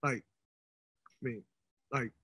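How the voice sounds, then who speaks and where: A man in his thirties, a podcast guest telling stories in an animated, emphatic way. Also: medium pitch, slow, breathy edge, no room sound. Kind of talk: casual podcast conversation. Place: podcast studio.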